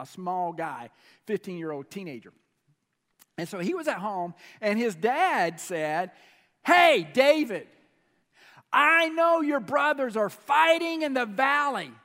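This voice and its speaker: Animated high-voiced male preacher. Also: in a large hall. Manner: animated storytelling, asks the audience questions, swings pace and volume. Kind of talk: sermon.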